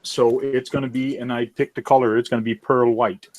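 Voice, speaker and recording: A man chatting casually in an online group hangout, relaxed and hesitant with fillers. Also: mid-range voice, fairly quick. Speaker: hangout participant.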